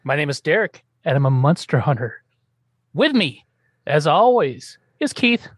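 Animated jokey male podcast host. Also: measured pace, slightly rough, no room sound. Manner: animated, jokey, swings up into high exaggerated tones. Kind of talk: casual comedic podcast chat.

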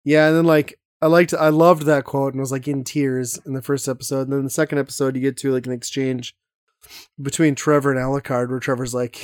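A man's voice: medium pitch, level tone, brisk, dry recording, clean studio sound. A man hosting a casual podcast chat, talking enthusiastically and rambling with lots of fillers. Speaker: podcast host.

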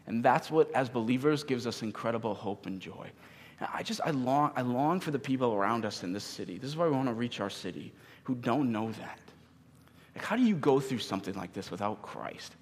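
Earnest pastor guy in his thirties, halting sermon, mid-pitch voice ringing around a big church hall. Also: expressive. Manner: earnest, halting with many pauses.

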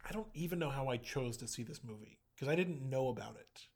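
A young man co-hosting a casual podcast chat, relaxed and full of fillers, with dry humor. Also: medium pitch, quick pace, breathy edge. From Texas. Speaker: podcast co-host.

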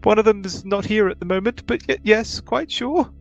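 A man's voice: sits high, moderate pace, faint music behind, voice pushed up. A man voicing a timid, nervous man who stammers and hesitates with many ums, in a tabletop game. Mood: flustered.

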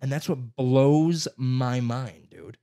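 A young man with a medium-pitched voice speaks slowly during casual conversation. He tells stories from his childhood, swearing freely and animating them with put-on voices.

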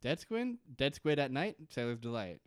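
A man's voice: medium pitch, very animated, moderate pace, clear, resonant tone, no room sound, clean studio sound. A young man co-hosting a podcast, recapping TV in a rambling, jokey way and swearing often. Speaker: podcast co-host. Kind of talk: casual TV recap chat.

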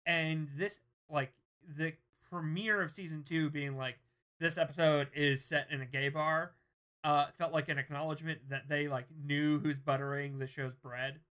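A man with a bright, somewhat high voice co-hosts a casual podcast. He gives blunt, opinionated takes in an easy conversational flow. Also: fairly even intonation, moderate pace, smooth. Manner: frank and opinionated. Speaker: podcast co-host. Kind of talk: casual chat recapping a TV episode.

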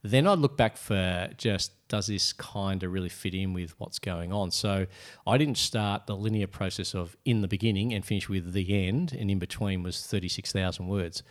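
Middle-aged man, low-ish, author recounting his book's road in conversation. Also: moderate pace. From Australia. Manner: animated, acts out quoted voices. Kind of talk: casual interview storytelling.

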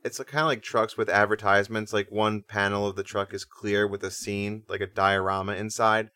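Bright, clear-voiced man chatting on a podcast. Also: lowish voice, moderate pace, dry recording, studio quality. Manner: relaxed, explanatory storytelling. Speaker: podcast co-host. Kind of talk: casual music podcast chat.

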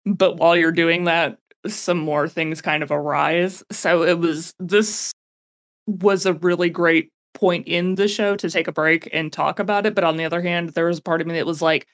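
A woman co-hosting a podcast, chatting casually in an articulate, expressive way. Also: lowish voice, normal speed. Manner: articulate, expressive, bursts into laughter. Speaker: podcast co-host. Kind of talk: casual chat.

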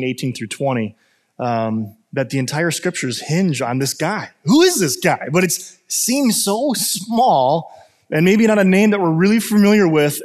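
A man's voice: medium pitch, big-room sound. A man preaching a sermon as pastor, talking conversationally and telling stories with many fillers and restarts.

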